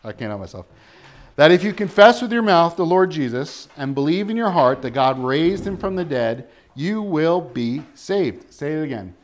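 A man preaching a sermon, asking rhetorical questions and quoting scripture, with loud emphatic bursts and quiet low asides. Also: sing-song, a little fast. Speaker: pastor.

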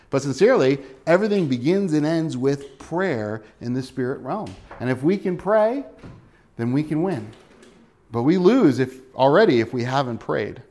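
Male pastor, thirties, slightly high pitch; relaxed conversational sermon full of questions to the congregation.

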